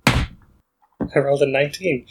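A man's voice: a little high, steady tone, unhurried, noisy background. Brief: man, tabletop player, casual and matter-of-fact.

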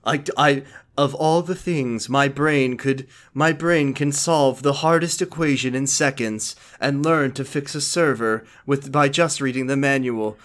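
Male co-host, tense bright tone, loose rambling recap with joking asides. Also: medium pitch, unhurried. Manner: rambling, self-interrupting, jokey asides. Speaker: podcast co-host recapping a show. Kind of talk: casual chat.

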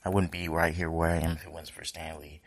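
A man's voice: a bass voice, flat delivery, fast. A man hosting his own podcast alone from his kitchen, talking in a profane, rambling, joking monologue. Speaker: podcast host. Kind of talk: casual solo podcast monologue. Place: home kitchen.

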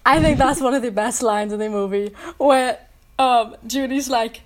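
A woman's voice: fairly high pitch, normal speed. Giggly woman chatting about a movie. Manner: giggly, playful. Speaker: podcast co-host. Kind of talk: casual movie discussion.

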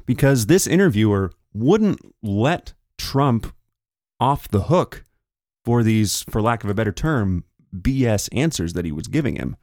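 A man's voice: lowish voice, animated, darkish tone, no echo, clean studio sound. A man hosting a podcast, talking through political commentary in a casual, conversational way. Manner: conversational, paraphrasing others in quick put-on quotes. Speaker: podcast host.

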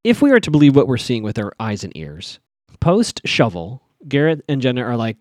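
Man, casual recap host, very expressive pitch, dry close mic. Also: no echo. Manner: animated, acts out characters' lines in quick voices. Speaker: TV episode recap podcaster.

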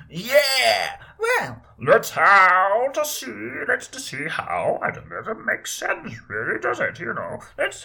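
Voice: medium pitch, wildly swooping pitch, slow pace, vocal fry, bright, forceful tone. A vlogger chatting casually to camera, rambling and playful. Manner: rambling, lots of fillers and restarts, playful.

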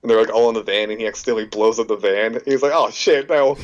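A man's voice: on the low side, steady tone, very fast, muffled recording. A man co-hosting a casual podcast, joking around and filling his talk with "like". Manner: casual, joking, leans on "like" a lot. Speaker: podcast co-host. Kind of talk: casual chat.

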